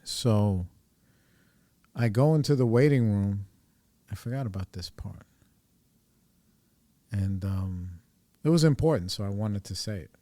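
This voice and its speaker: A man in his forties talks through a personal story for his podcast, rambling and swearing freely. His voice sits low, and the sound is close and dry with no room around it. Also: animated, measured pace, pauses often, warm tone, no room sound. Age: 40s. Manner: rambling, profane, candid. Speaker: podcast host.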